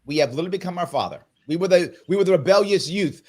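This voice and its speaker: New guy, fairly high voice, tells stories with lots of emphasis, does little voices for quotes, on a video call. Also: very fast, hardly any pauses, darkish tone. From New York. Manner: emphatic storyteller who acts out quoted voices. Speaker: political guest. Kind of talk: animated interview talk.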